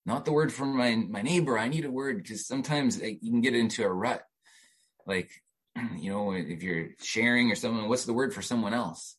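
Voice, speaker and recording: Middle-aged guy preaching, husky voice, chatty sermon with lots of restarts. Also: medium pitch, expressive, moderate pace, poor audio. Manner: conversational preaching with many restarts and asides. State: emotional, near tears while reading. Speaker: pastor.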